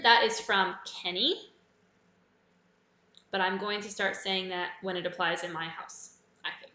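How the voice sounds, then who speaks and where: Bright-voiced woman hosting a quiz. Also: medium pitch, moderate pace. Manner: chatty, explains answers with personal asides. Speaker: quiz host. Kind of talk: casual live quiz answer run-through. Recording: echoey room.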